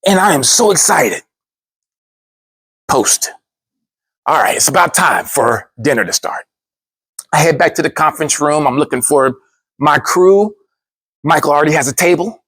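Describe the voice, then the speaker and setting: A man telling a personal story as a speech, animated and shifting into voices for the people in it. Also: fairly high pitch, normal speed, husky, dry recording, clean studio sound.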